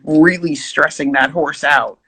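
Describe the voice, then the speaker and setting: A woman doing a calm, deeper-voiced riding instructor. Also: measured pace, creaky, husky, full character voice. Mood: unbothered. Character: man, horse-riding instructor, unbothered.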